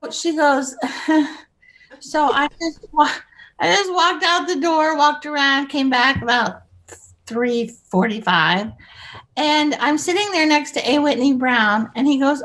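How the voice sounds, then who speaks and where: A woman's voice: high voice, a little slow, fairly bright tone. A woman, a podcast guest, telling chatty stories, giggling often and acting out the voices of the people in them. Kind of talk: casual anecdotal storytelling.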